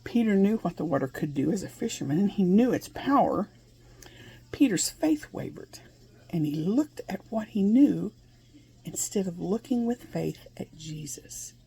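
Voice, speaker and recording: Gravelly-voiced woman teaching scripture. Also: medium pitch, expressive, unhurried, mellow. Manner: earnest, laughs between points; speaks to listeners with questions. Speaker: Bible teacher. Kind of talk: conversational Bible teaching.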